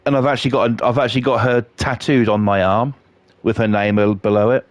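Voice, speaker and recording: A middle-aged man tells loose, rambling stories during a live stream and swears freely as he goes. His voice sits at an ordinary mid pitch and sounds dry and close, with almost no room sound. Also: fairly even intonation, quick pace, dry recording. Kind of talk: casual storytelling while playing a game live.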